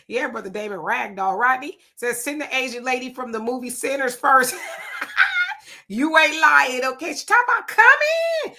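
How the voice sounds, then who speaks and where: Bright, fairly high woman, casual livestream chat, laughing and playful. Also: moderate pace. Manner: laughing, playful, reads viewer comments aloud. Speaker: livestream co-host reading chat.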